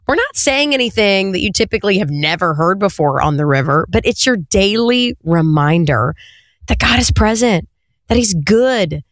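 A woman radio host making an earnest, quick-talking fundraising appeal and slowing down to read out numbers. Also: medium pitch, lively intonation, no room sound, studio quality.

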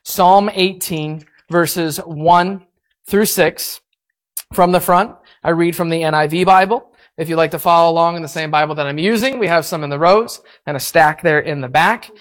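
A man pastor preaching a sermon, telling a story in an animated and self-mocking way. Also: fairly high pitch, moderate pace.

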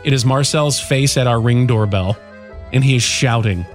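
A man hosting a morning radio show, talking casually and spinning a neighborly story with relaxed ease. His voice sits at a middle pitch, steady and conversational, with a faint music bed underneath. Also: normal speed. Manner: chatty storytelling, mimics a neighbor's accent.

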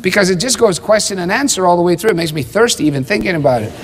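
Male preacher, somewhat high voice, emphatic teaching, long reverb of a church hall. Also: lively intonation, slight background noise. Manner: measured, emphatic teaching with rhetorical questions. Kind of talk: expository sermon.

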